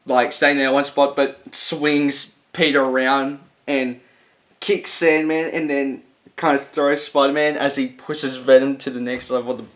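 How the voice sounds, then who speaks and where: A man's voice: medium pitch, level tone, a little slow, a bit bright. A man casually ranking movie final battles, rambling enthusiastically with lots of fillers and restarts. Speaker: movie reviewer.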